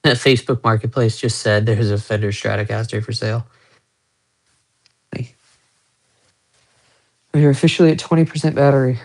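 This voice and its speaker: A young man rambles casually to his live-stream viewers as he shows off his guitars and watches. His everyday pitch carries a gravelly, creaky edge. He sounds close to a phone mic in a small room at home. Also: normal speed, long pauses, a little mellow. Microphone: phone held close.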